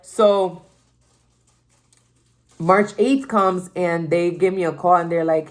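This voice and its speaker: A woman's voice: lowish voice, steady tone, slow pace, long pauses. A young woman sharing a personal faith testimony in a casual, emphatic way, repeating phrases and saying "like" often.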